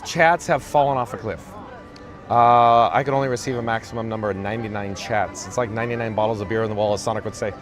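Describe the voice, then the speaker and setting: Outdoors at a theme park parade route, a man with a medium-pitched voice speaks a little fast as he live-streams on a handheld phone. The channel host's chat wanders from tangent to tangent, and he reads viewer comments aloud.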